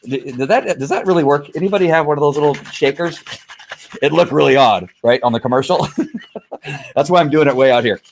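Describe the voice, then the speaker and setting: A man's voice: on the high side, fast, gravelly, darkish tone, slight background noise. A man chatting casually on a live stream, rambling through a product review with restarts and chuckles.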